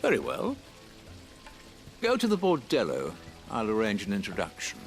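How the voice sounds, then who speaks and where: Condescending game nobleman, low gravelly voice, wildly swooping pitch. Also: huge pitch swings, moderate pace, soft background music, exaggerated voice. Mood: smug. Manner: silky, theatrical, condescending. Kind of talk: video game voice acting.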